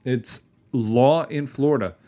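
A man's voice: mid-range voice, slow, dark tone. A man co-hosting a casual political chat podcast, wry and joking. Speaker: podcast co-host.

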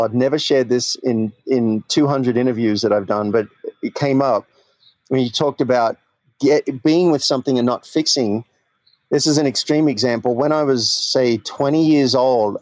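A man's voice: mid-range voice, dry recording. A man hosting a podcast, telling candid personal stories in casual chat. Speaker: podcast host.

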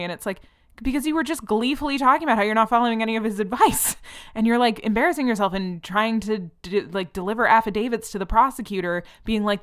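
A young woman with a smooth, clear voice talks through a podcast episode in loose, chatty commentary. She sprinkles her sentences with fillers and slips into animated voices when quoting people. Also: medium pitch, fast. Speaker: podcast host. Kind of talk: casual commentary monologue.

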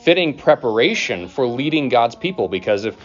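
A man preaching a sermon as pastor, in a conversational way, with casual asides and quick laughs. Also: mid-range voice, big pitch swings, muffled recording, soft background music.

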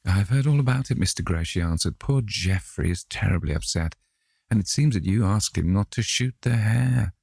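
A man's voice: fairly low pitch, lively intonation, normal speed, creaky, a little mellow, slightly rough, dry recording, studio quality, exaggerated voice. A man reading aloud and voicing a genteel, teasing young aristocratic lady in a storybook reading.

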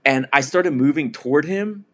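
A man's voice: a little high, normal speed. A man in his forties, a podcast host in recovery, telling a personal story in a casual, rambling way with many fillers and chuckles at his own expense.

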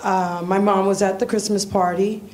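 A woman visiting a church, giving a tearful, halting personal testimony with nervous laughs. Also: mid-range voice, flat delivery, a little mellow.

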